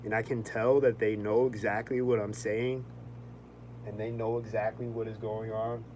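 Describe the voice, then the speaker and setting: A young man talking casually in a vlog, rambling and filling his speech with "like", quick to sound annoyed. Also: on the low side, little pitch movement, darkish tone, a little hiss or hum, low-quality recording. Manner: rambling, heavy on "like", quick-tempered. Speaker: vlogger.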